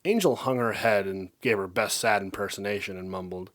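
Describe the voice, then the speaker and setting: A man's voice: fairly low pitch, normal speed, few pauses, a bit bright. A man reading a fan-fiction story aloud, narrating expressively.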